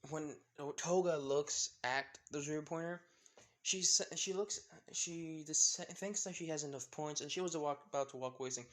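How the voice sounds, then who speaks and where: A man's voice: on the high side, normal speed. A man casually telling a fan-fiction story, rambling and often correcting himself with fillers.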